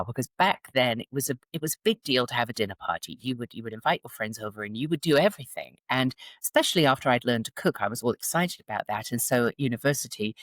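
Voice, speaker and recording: A British woman in her sixties from England, chatting as an interview guest and telling animated stories with frequent laughter. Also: a bass voice, no echo. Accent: British English. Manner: animated storytelling, laughs often. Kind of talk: casual interview chat.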